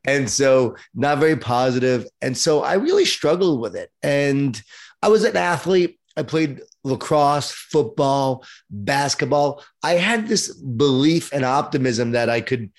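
A man's voice: medium pitch, unhurried. Middle-aged man telling his life story. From Long Island, New York. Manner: lively, humorous, self-deprecating storyteller. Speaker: guest, author and speaker. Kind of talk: personal storytelling in an interview.

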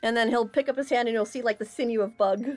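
A woman runs a tabletop game as its narrator. She describes each scene in a chatty, easygoing way and laughs easily. Soft music plays behind her. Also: a little high, steady tone, fast. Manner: laughs often while narrating. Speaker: game master.

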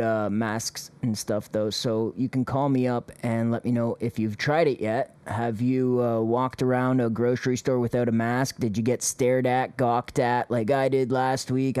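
A man's voice: mid-range voice, a little mellow, clean tone, no room sound. Sarcastic man hosting a show. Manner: sarcastic, rambling, chuckling asides. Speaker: host. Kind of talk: casual call-in show chat.

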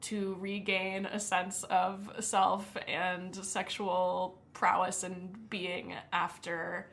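A woman co-hosting a casual podcast, hoarse from inflamed vocal cords, asking questions with light laughter. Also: lowish voice, flat delivery, extremely slow, fairly bright tone. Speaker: podcast co-host. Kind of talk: casual chat.

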